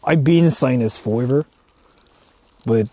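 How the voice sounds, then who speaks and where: A man's voice: medium pitch, a little slow, warm tone. A man from Japan livestreaming outdoors in the mountains, rambling casually with slang and swearing. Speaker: streamer.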